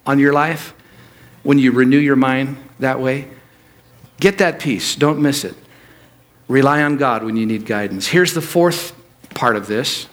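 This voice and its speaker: A male pastor preaching a sermon at a church service, swinging between loud emphatic peaks and quiet low asides.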